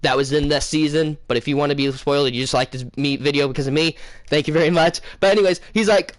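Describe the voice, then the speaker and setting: A young man tells a long story to his channel in a rambling, excitable way, tripping over his words and correcting himself as he goes. His voice sits a little high for a man, and the sound is close and dry with no room around it. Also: brisk, dry recording. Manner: rambling, excitable, lots of fillers and self-corrections. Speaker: gaming channel host. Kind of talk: casual storytelling to camera.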